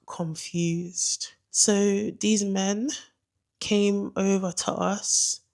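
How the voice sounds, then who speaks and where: A young woman telling a dramatic story in an animated, slangy way. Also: lowish voice, gravelly. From England. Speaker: vlogger. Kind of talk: storytime narration.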